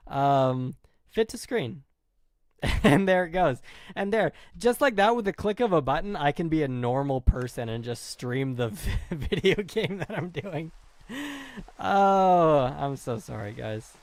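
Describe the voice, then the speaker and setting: A man's voice: a little high, expressive, unhurried, no room sound. A young man live-streaming and chatting casually, reading comments, rambling and apologizing a lot at his own expense. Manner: self-deprecating, rambling, apologetic.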